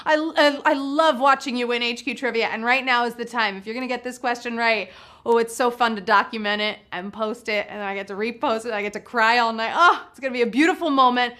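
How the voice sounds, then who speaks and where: A woman's voice: fairly high pitch, a little fast, bright, forceful tone, soft background music. A woman hosting a live trivia game show, bubbly and playful, reading questions and hyping up the players.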